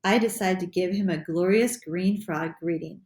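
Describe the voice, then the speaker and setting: A woman's voice: fairly low pitch, normal speed. Woman reading a children's story in an echoey room. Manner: animated, playful storytelling. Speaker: audiobook reader. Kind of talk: children's storybook read-aloud.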